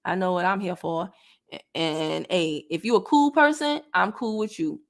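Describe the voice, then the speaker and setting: A woman's voice: on the low side, moderate pace, vocal fry. A woman network marketing coach talking straight to camera, blunt, sassy and colloquial, and easily worked up. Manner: gets worked up. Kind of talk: casual direct-to-camera talk.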